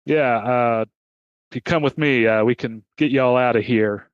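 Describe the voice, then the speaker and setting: A man voicing a woman covert agent in a tabletop game, speaking briskly. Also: mid-range voice, clean tone, dry recording, lo-fi sound, close to an everyday voice.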